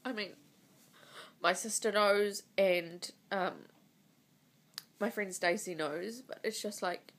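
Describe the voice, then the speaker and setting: A woman in her thirties recording a personal video diary on her phone. She is crying, and she talks in a halting, emotional way, with sighs between her words. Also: mid-range voice, fairly even intonation, fairly bright tone. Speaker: vlogger. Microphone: phone mic.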